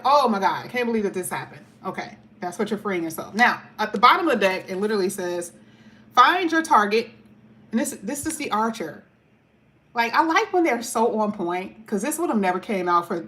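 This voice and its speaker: A woman reading tarot cards in a loose, chatty way, leaning hard on her points. She slows down and stretches the words she wants to stress. Her voice sits at a middle pitch. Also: a bit bright. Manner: chatty, emphatic, drawls key words. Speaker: tarot reader.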